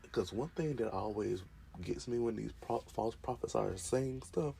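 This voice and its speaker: A man's voice: lowish voice, normal speed, gravelly, dark tone, a little hiss or hum. A man hosting his own show, giving a conversational faith commentary monologue with rhetorical repeated phrases and casual asides. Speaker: host.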